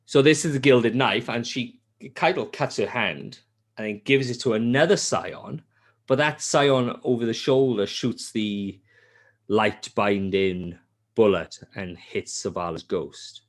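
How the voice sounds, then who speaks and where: A man hosting a podcast, telling a game's story in casual chat, swearing often and mimicking characters. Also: measured pace. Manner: animated storytelling, heavy swearing; acts out character lines in a high voice. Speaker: podcast host.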